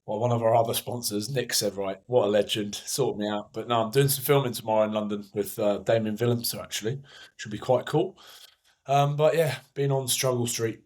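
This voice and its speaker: A man's voice: fairly low pitch, steady tone, fairly quick, darkish tone. A young man co-hosting a podcast, hungover, telling rambling, self-mocking stories in casual chat. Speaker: podcast co-host.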